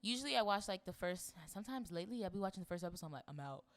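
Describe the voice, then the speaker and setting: A young woman from Florida, co-hosting a podcast in chatty, animated casual conversation. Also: medium pitch, very fast. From Florida, United States. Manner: chatty and animated, swings into playful put-on voices. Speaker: podcast co-host. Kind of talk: casual chat.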